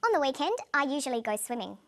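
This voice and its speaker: Very animated, a fairly high-voiced woman hosts a scripted English lesson as its teacher, delivering each word clearly, carefully, and at a measured pace so learners can follow.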